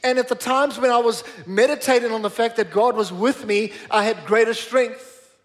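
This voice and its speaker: A middle-aged man preaching a sermon in church, emphatic, repeating words for stress and slowing down on key phrases. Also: very high-pitched, fairly even intonation. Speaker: pastor.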